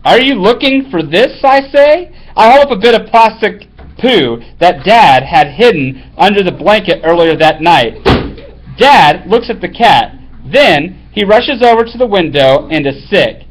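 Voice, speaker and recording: A male teacher with a high, very expressive voice, reading a story aloud to his class with animated delivery. Between reading and instructions he talks in a casual, classroom manner. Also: unhurried, poor audio.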